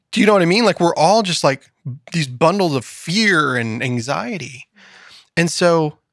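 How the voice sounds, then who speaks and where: Male podcast co-host, animated storyteller, slightly high voice, dry studio mic. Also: no echo. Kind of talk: casual podcast conversation.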